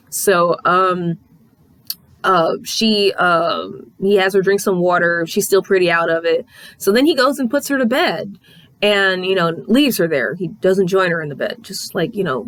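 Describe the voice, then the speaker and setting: Woman chatting about a comic she's reviewing, animated, swears a lot, dry close mic. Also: mid-range voice, unhurried, no room sound. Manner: animated, swears casually, acts out characters. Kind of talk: casual chat.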